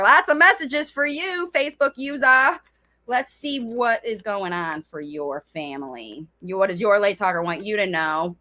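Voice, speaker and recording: A woman's voice: high voice, sharp tone. A middle-aged woman coaching parents in a chatty live-streamed talk, often speaking in a child's voice. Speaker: speech coach.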